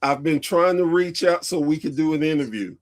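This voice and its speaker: A man's voice: a little high, moderate pace. A man hosting a wrestling podcast, chatting casually and breaking in with half-finished sentences. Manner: interjects, trails off mid-sentence. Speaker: podcast host.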